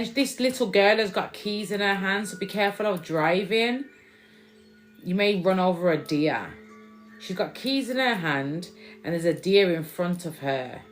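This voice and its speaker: A woman doing a casual, chatty spiritual card reading, often repeating phrases she says she hears from spirit. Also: lowish voice.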